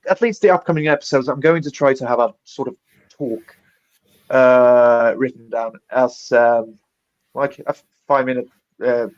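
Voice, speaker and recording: A man's voice: medium pitch, a little mellow, dry recording. Rambling, swearing man on a dull, dry mic. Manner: rambling, heavy swearing, many fillers. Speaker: podcast host. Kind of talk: casual livestream chat.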